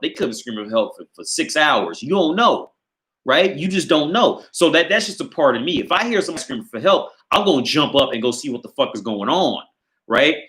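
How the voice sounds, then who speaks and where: A man's voice: on the high side, sharp tone. A man telling a story on a casual livestream from his small apartment, profane and laughing often, filmed on a hand-held camera. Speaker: livestream host. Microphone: phone or camera carried by hand.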